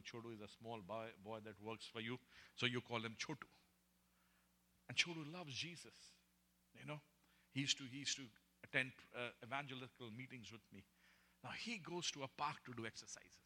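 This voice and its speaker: Bright-voiced male preacher in a reverberant hall. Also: mid-range voice. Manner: animated testimony storytelling, swings from hushed to loud, laughs often. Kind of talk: sermon storytelling.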